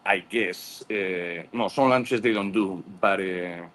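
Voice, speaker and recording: Casting: deep-ish male guest, hesitant, pauses to find words. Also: a bit bright. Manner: halting, searching for words with many "uh"s. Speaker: cigar lounge owner, guest. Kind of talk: casual interview.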